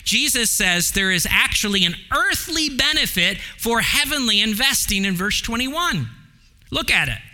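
Man, pastor, sermon, animated preaching, high voice, sharp bright tone. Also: normal speed, soft background music. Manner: animated preaching with big pitch swings and fillers.

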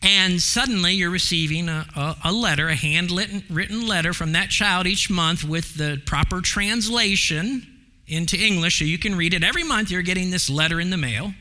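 A man preaching a sermon as pastor, animated, with big swings from excited highs to hushed lows and the odd filler. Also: normal speed.

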